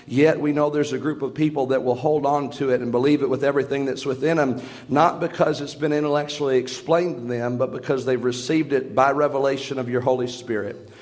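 A man preaching as pastor, praying and then starting a sermon, earnest and halting, with restarts and fillers. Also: medium pitch, fairly even intonation, darkish tone. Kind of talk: prayer and sermon. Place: church sanctuary.

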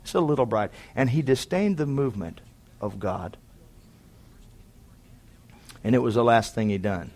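A man preaching a sermon, swinging from loud, fervent exhortation to quiet, conversational storytelling and calling to the congregation for amens. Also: mid-range voice, animated, normal speed, pauses often.

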